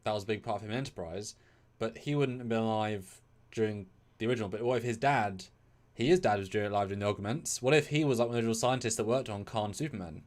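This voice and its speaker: A man co-hosting a live discussion stream, talking in an excitable, rambling way with sudden high bursts. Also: fast. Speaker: co-host of a live discussion show. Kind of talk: casual live-stream chat.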